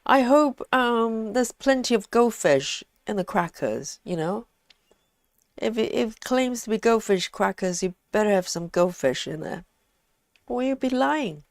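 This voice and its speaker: A woman hosting a casual live stream, chatting in a relaxed way and reading out viewer comments with frequent ums. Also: a little high, unhurried, no room sound, studio quality.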